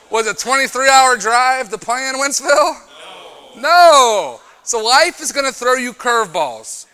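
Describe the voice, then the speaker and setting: A man giving a youth sermon, preaching emphatically and moving between loud bursts and quiet storytelling. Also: sits high. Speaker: retreat speaker.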